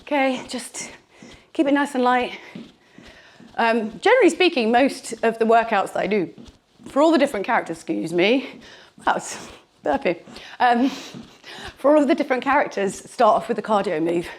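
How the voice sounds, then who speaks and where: A woman's voice: on the high side, animated, normal speed, long pauses. Upbeat woman coaching a workout. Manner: chatty, encouraging, jokey coaching. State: a little out of breath. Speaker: fitness instructor. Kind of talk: workout class instruction. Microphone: clip-on microphone on her t-shirt.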